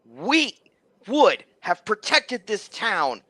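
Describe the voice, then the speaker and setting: A man shouting as a furious battered paladin. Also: high voice, sing-song, drawn-out words, no room sound, pitched above the performer's own voice, full character voice. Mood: indignant.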